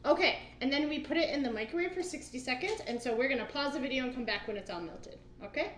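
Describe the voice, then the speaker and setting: In a home kitchen, a woman in her thirties with a high voice and quick pace patiently teaches a young child during a cooking demo, asking simple questions. The room is echoey with faint noise.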